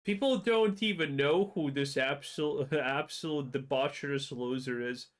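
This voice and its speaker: A man reacting to a video on stream, mocking and profane, his voice jumping up when excited. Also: fairly high pitch, a little slow. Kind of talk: casual reaction commentary.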